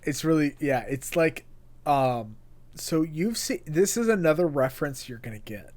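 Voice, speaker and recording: A young man co-hosting a casual podcast chat, excitable and rambling, often restarting his sentences. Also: a little high, moderate pace. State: hiccups. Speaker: podcast co-host.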